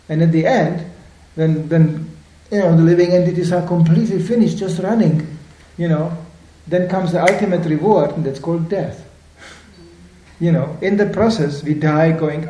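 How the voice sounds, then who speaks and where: Animated older man lecturing in an echoey room. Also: on the high side, normal speed. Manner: animated storytelling, acting out voices in quotes. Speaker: spiritual teacher.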